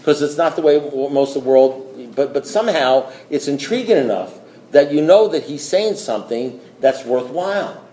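A man's voice: on the high side, moderate pace, warm tone, reverberant, a little hiss or hum, rough recording. A middle-aged man giving a personal recovery testimony at a meeting, telling stories and acting out dialogue, laughing often.

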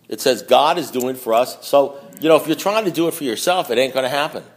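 A man speaking at a recovery meeting in a mid-pitched voice. He talks bluntly and emphatically and repeats phrases for emphasis, dropping into low asides and then rising into loud preaching. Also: lively intonation, fast talker. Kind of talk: recovery meeting talk reading from a book.

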